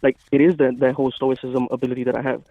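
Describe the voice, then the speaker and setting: A man co-hosting a casual podcast chat, talking in a calm, even, matter-of-fact way. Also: medium pitch, rapid-fire, dry recording. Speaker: podcast co-host. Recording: dry, phone-like thin sound.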